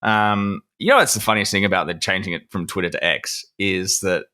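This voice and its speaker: Australian man, podcast co-host, lower bright voice, dry wit. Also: fairly even intonation, fairly quick. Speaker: podcast co-host reading the news. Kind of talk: casual podcast chat.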